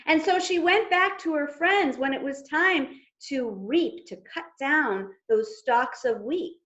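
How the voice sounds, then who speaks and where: A woman telling a story at a storytime for toddlers, gently coaxing the children to join in. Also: high voice, slow pace, highs cut off.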